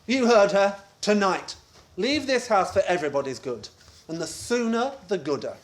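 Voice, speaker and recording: An actor playing a brash, exasperated husband in an amateur radio play, wisecracking and blustery. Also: male voice, sits high, lively intonation, normal speed, a little hiss or hum. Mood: blustering.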